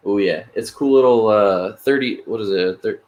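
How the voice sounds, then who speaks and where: A man's voice: on the low side, moderate pace, a little mellow. A man co-hosting a casual podcast, cracking jokes and swearing casually. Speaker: podcast co-host.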